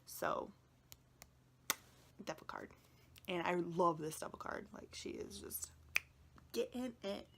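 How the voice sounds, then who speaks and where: A woman's voice: low voice, flat delivery, a little slow, creaky, pauses often, fairly bright tone, a little hiss or hum. A woman chatting casually to viewers in a vlog, emotional and close to tears, rambling and often dropping into a whisper. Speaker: tarot video creator.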